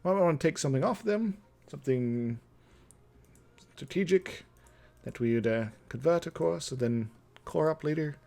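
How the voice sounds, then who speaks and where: A young man streaming a strategy game, thinking out loud in casual commentary, chuckling and humming to himself as he plays. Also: a little high, lively intonation, moderate pace, vocal fry, pauses often.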